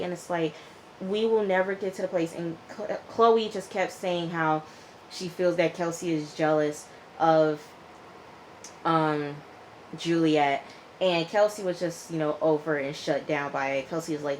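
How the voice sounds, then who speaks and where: A woman casually recapping a TV episode in a chatty, animated way, often checking in with "okay?" and acting out the people she quotes. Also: low voice, unhurried, slight background noise, rough recording. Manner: chatty, animated retelling with frequent "okay?" and fillers. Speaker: TV episode reviewer.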